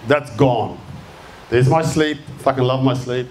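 A man's voice: medium pitch, a little slow, a little mellow, slight background noise. Blunt, swearing Australian man in his fifties. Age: 50s. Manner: blunt, swears constantly, punchy and rousing. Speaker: speaker. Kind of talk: live motivational talk. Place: event venue with an audience.

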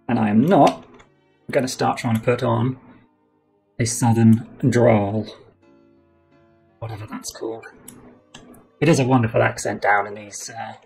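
A man's voice: medium pitch, gravelly, a little mellow, poor audio. A British man streaming a board game playthrough, explaining rules step by step as he thinks aloud.

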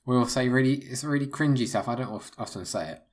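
A man's voice: medium pitch, a little fast. A man co-hosting a podcast from his spare room at home, rambling and joking and tripping over his words in casual chat. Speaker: podcast co-host.

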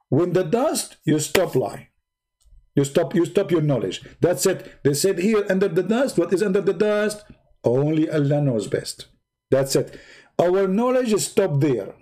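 A man's voice: high-pitched, expressive, measured pace, mellow. A man hosting his own channel, giving sarcastic commentary while he draws, with rambling asides and mocking rhetorical questions. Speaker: channel host.

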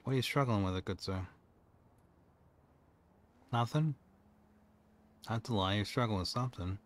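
Calm, coaxing man in role-play. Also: on the low side, measured pace. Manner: calm, coaxing, dryly joking. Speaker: roleplay police officer. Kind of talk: in-character game role-play.

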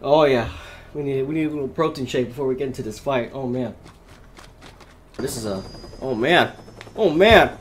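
A man giving live gameplay commentary from his bedroom, excitable and quick to shout and laugh. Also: mid-range voice, a little hiss or hum. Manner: excitable, loud exclamations and laughs. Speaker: gaming YouTuber.

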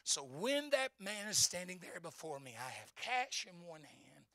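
A man in his fifties preaches in church with a high, bright, ringing voice. He drops to a quiet storytelling murmur and then climbs to impassioned shouting. His voice is close and dry, with little room sound. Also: sing-song, unhurried, no room sound. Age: 50s. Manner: swings from hushed storytelling to fervent shouting. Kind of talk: sermon.

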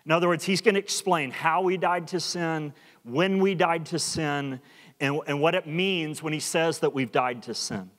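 A man's voice: fairly high pitch, moderate pace, fairly bright tone, long reverb tail. A male pastor preaching a sermon earnestly, often repeating and restarting phrases for emphasis. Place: church sanctuary.

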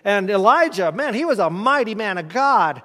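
A man's voice: high-pitched, very animated, normal speed, fairly bright tone. A man preaching a conversational sermon as pastor, folksy and asking the congregation questions in a church sanctuary. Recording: reverberant church hall.

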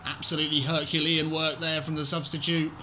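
A man commentating on his own football video game career, excitable, swinging between calm muttering and shouting, with laughs. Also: a little high, fairly quick, slight background noise. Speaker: gaming YouTuber.

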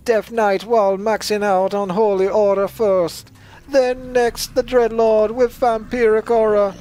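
A man reading aloud in a put-on mock accent, slow and high in a sing-song way. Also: level tone, darkish tone. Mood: mock-serious.

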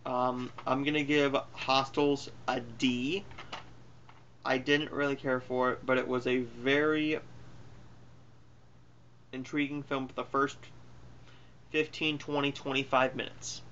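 A man's voice: mid-range voice, little pitch movement, measured pace, pauses often, a bit bright, highs cut off, a little hiss or hum. A man giving a casual spoken movie review in a rambling, offhand way, full of fillers and self-corrections. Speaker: film reviewer.

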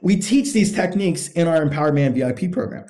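A man's voice: on the high side, lively intonation, fast, dark tone. A man hosting a podcast who coaches other men in a blunt, profane and emphatic motivational monologue, drilling his key points by repetition. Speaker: podcast host, men's coach.

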